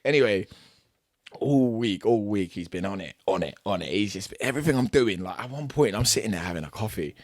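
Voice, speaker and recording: A man's voice: fairly low pitch, animated, fairly quick, dry recording, studio quality. A young British man, a boxer, telling a backstage story on a podcast in casual slang, acting out both sides of the argument and laughing as he goes.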